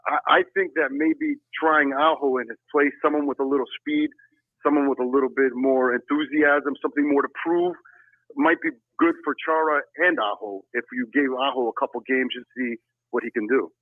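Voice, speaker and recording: A man from Pennsylvania calling in to a sports show, relaxed and chatty. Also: mid-range voice, normal speed, no room sound. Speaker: caller. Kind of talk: phone-in sports chat. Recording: tinny phone line.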